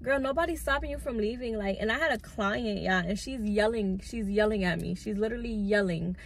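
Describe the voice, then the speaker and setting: A young adult woman and lash artist telling a storytime with a calm, chatty delivery full of "like". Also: medium pitch, a little fast, gravelly. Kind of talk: casual storytime.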